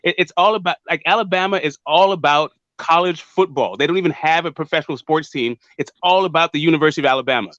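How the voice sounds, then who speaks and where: A man's voice: on the high side, quick pace, few pauses, a bit bright, no room sound, lo-fi sound. A man as a guest pundit, explaining boxing markets in a rambling way, repeating words and checking with "right?". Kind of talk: casual call-in discussion.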